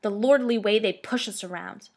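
A woman's voice: medium pitch, normal speed, natural voice. A woman doing a grumbling candle maker.

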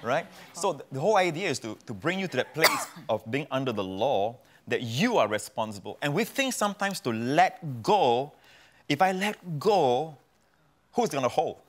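A man's voice: mid-range voice, sing-song, moderate pace, few pauses. A man from Singapore, preaching as a guest pastor on a TV talk show and repeating key phrases for emphasis.

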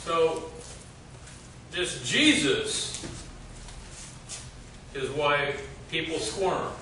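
A man teaching a group Bible study in a church meeting room, halting with many fillers and quizzing his listeners. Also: on the high side, expressive, sharp tone, recorded from a distance. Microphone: distant room mic. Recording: echoey room recorded from afar, noisy.

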